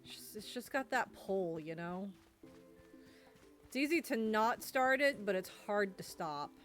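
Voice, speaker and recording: A woman's voice: mid-range voice, lively intonation, a little slow, faint music behind. A woman live-streaming a game, chatting casually and answering her chat. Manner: chatty, reads and answers chat messages aloud.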